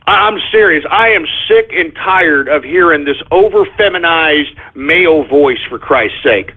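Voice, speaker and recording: Male radio host, high husky voice, profane ranter, tinny phone-line sound. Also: lively intonation, unhurried. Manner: profane, ranting, repeats himself. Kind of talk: talk radio rant.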